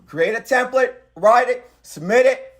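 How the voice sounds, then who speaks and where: A man's voice: very high voice, measured pace, a bit bright. A man on speakerphone arguing insistently, repeating himself and talking over the other person. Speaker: caller. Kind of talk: heated phone argument.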